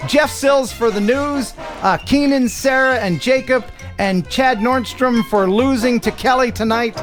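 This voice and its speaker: A man hosting a live drone show, chatting casually, upbeat and quick to laugh. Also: extremely high pitch, soft background music. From United States. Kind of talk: casual live-stream chat.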